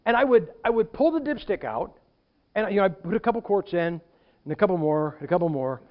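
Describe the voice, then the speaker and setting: Male pastor, high voice, lively storytelling sermon, muffled dull recording. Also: fairly quick. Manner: animated storytelling preacher, acts out quotes.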